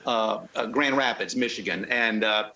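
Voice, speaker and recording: A man's voice: fairly low pitch, bright, forceful tone. A middle-aged man from the southern United States, a car club member chatting casually in an interview, often stopping and restarting his sentences. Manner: halting, many restarts and fillers.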